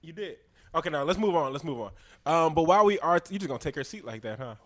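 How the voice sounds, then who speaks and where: A man's voice: on the high side, animated, fast talker, a bit bright. A man co-hosting a casual radio chat show, joking playfully and laughing a lot.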